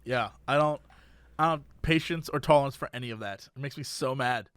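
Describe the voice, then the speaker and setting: A man's voice: mid-range voice, a little fast, a bit bright, clear, resonant tone, no echo, clean studio sound. A man co-hosting a podcast, chatting casually and ranting animatedly about pet peeves. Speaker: podcast co-host. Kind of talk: casual chat.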